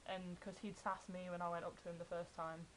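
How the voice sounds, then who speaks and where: A young adult woman, excitedly telling fan stories in a casual vlog. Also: on the low side, a little fast, slight background noise, poor audio. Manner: chatty, excited retelling of fan anecdotes. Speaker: vlogger.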